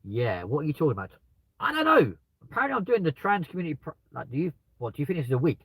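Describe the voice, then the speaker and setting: A man's voice: on the high side, sing-song, racing, breathy edge, dry recording, low-quality recording. A British man chatting live from his car, joking and laughing at himself. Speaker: live streamer. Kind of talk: casual live-stream chat. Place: in a car with the window open.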